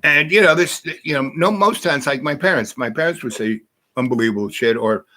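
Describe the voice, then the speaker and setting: A man's voice: medium pitch, a little fast, pushed and bright. Older man rambling through profane stories. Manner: meandering, profane, with many fillers and restarts. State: achy and groaning from sitting too long. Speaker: storyteller. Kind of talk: rambling personal storytelling.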